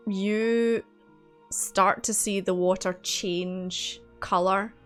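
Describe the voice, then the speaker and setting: A woman's voice: medium pitch, steady tone, drawn-out words, soft background music. A woman running a tabletop game as game master, narrating in a giggly, chatty way.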